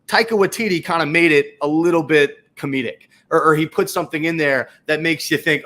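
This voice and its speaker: A man's voice: on the high side, a little fast, few pauses, bright, forceful tone. A young adult man co-hosting a casual movie review chat, hesitant and asking his co-host questions. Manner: hesitant, many fillers and restarts, asks his co-host questions. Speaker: film review podcast co-host.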